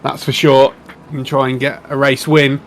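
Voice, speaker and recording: A man as co-commentator on a sim race, giving relaxed, conversational analysis. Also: medium pitch, moderate pace, slight background noise.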